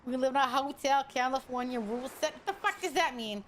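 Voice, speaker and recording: A high, lively young woman's voice streaming a game into a desk mic, bouncing from pitch to pitch as she reads chat. She is brash, teasing and swears freely. She comes from Hawaii. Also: fast talker, a little hiss or hum. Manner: brash, profane and teasing, with frequent laughter. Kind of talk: casual gaming livestream, reading chat.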